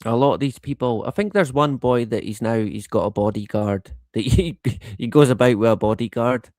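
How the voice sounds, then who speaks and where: A man's voice: medium pitch, moderate pace, darkish tone, no echo. A middle-aged man hosting a live stream in casual chat, rambling, swearing freely and chuckling often. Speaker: livestream host.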